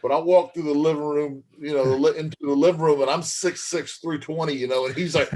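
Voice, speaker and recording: A middle-aged former pro wrestler, guesting on an interview podcast, tells long, rambling stories in a folksy way, calling the host "man" and "brother." His slightly high, somewhat mellow voice is steady and a little fast, with few pauses.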